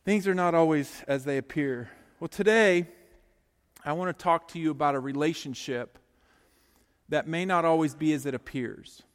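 A middle-aged man preaching a sermon to his congregation as their pastor. He tells stories in a lively, joking way and talks straight to the people in the pews. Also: on the high side, normal speed, big-room sound. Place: church sanctuary.

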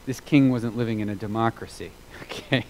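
A man preaching a sermon as a pastor, earnest and emphatic, repeating phrases for weight and moving between loud and hushed delivery. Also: lowish voice, fairly even intonation, a little fast, a little hiss or hum, poor audio.

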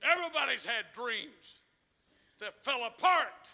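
Preacher guy, real high sharp voice, yelling bits then going quiet, big echoey church hall. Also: expressive, vocal fry. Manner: impassioned preaching with shouted peaks and drawn-out phrases. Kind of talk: sermon. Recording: long reverb of a large hall.

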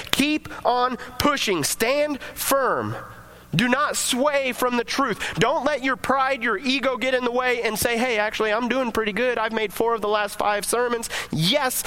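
A man's voice: sits high, fairly bright tone. A man preaching a sermon to his congregation in a conversational way, acting out quoted voices as he reads and explains scripture. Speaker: pastor.

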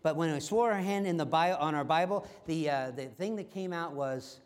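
A middle-aged man preaching a sermon as pastor, swinging from loud emphatic lines to soft, slow, hushed ones. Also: fairly high pitch, sing-song.

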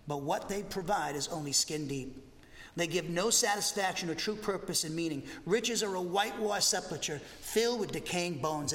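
High, bright-voiced male preacher. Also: big-room sound. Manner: animated, conversational preaching with restarts. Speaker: pastor. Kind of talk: expository sermon. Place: church sanctuary.

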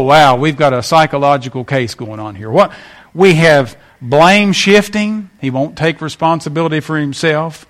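A man preaching a sermon, telling folksy stories and acting out quotes. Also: a little high. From West Virginia. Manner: folksy storytelling, animated acted quotes. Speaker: pastor.

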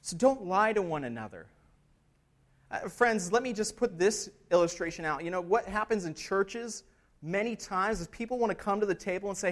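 A man's voice: sits high, animated, moderate pace. A man preaching an expository sermon as pastor. He talks in an earnest, conversational way, checking in with "right?" and building to emphatic passages.

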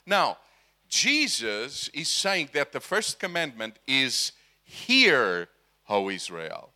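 Man, middle-aged, preacher, slow, forceful bright voice, questions the audience. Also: mid-range voice. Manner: asks the audience questions, emphatic. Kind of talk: sermon.

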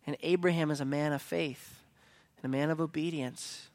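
A preacher tells a story from the pulpit, moving back and forth between soft, hushed moments and emphatic declarations. His voice is a little high and steady in tone, at a normal speed.

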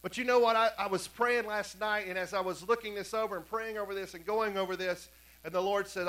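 A man preaching a sermon in a church, telling stories and swinging from hushed tones to emphatic repetition. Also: high-pitched, fast talker, rough recording. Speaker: pastor. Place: church sanctuary.

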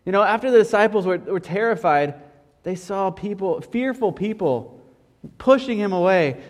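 A man preaching a sermon as a pastor, earnest, repeating key phrases slowly. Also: high-pitched. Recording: long hall reverb.

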